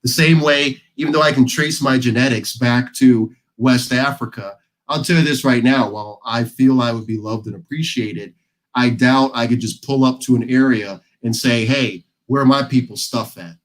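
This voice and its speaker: A man's voice: mid-range voice, fairly even intonation, moderate pace, low-quality recording. An American man on a discussion panel, talking casually and emphatically, telling stories to make his points. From United States. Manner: storytelling, emphatic.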